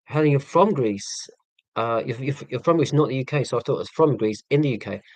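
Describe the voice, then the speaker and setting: A man's voice: mid-range voice, a little fast, darkish tone, dry recording, poor audio. Rambling self-mocking English man in his forties. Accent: southern English, Hampshire. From England. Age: 40s. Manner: rambling, self-deprecating, sarcastic; hesitant, many ums and restarts. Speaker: live stream host. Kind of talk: casual live stream chat with viewers.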